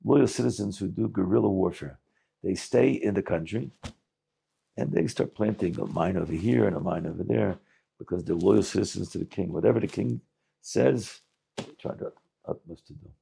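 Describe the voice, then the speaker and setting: A man telling a Hasidic story with a moral, halting often to restart, with Yiddish words mixed in. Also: sits low, creaky, dark tone, slightly rough. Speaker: storyteller and preacher.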